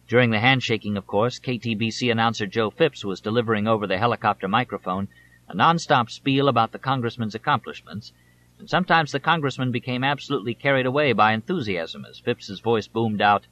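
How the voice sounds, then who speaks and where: Man reading a biography, measured. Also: mid-range voice, fairly bright tone, highs cut off. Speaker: audiobook narrator. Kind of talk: scripted narration.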